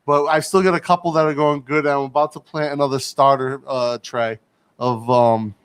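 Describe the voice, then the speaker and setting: A man's voice: medium pitch, fairly even intonation, moderate pace, clear, resonant tone. Chatty man hosting a livestream. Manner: chatty, reads viewer comments aloud. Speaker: livestream host. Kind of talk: casual chat. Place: home studio.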